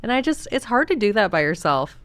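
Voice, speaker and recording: A woman podcast host and coach in a casual conversation, speaking in a reflective, measured and affirming way. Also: medium pitch, very animated, clear, resonant tone, no echo.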